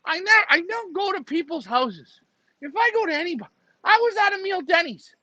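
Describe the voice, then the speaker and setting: A man with a high voice jokes and rants loudly through a pigeon club livestream. His sound is dry and close, slightly muffled by a lo-fi recording. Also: a little fast, dry recording. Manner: joking, loud, animated, mocks others. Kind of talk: casual livestream banter. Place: indoor pigeon club room.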